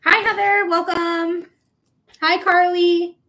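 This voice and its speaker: A woman's voice: very high-pitched, flat delivery, slow, pushed and bright. A woman chatting on a live stream as a psychic reader, rambling and frank, swearing freely as she talks straight to viewers. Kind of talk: casual live-stream chat.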